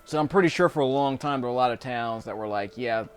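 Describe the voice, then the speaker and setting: A man's voice: medium pitch, quick pace, smooth, soft background music. A man giving casual, rambling commentary while playing a video game, chuckling often between remarks. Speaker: YouTube gameplay commentator. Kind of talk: casual let's-play commentary.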